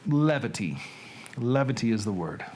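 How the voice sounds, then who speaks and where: A middle-aged man with a Southern American accent runs a casual livestream of chat and dramatic reading, his delivery folksy, playful and drawn out. His mid-range voice is a little mellow with big pitch swings, and a little hiss or hum can be heard.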